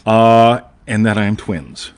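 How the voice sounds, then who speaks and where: A man's voice: on the low side, measured pace, clean tone. A man co-hosting a live online show, talking in a jokey, digressive way and often asking "right?". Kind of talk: casual, rambling live-stream chat.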